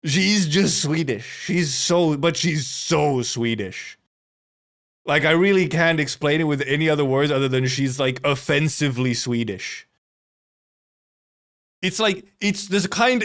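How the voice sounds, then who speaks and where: A man's voice: fairly high pitch, expressive, unhurried, fairly bright tone. A man from Finland, streaming and chatting casually, rambling, laughing often and swearing freely. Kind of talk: casual livestream commentary.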